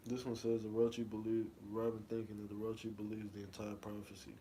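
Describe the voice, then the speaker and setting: A man's voice: lowish voice, completely flat delivery, quick pace, background noise. A man co-hosting a manga review podcast, chatting casually in slangy, jokey talk and reading panels aloud.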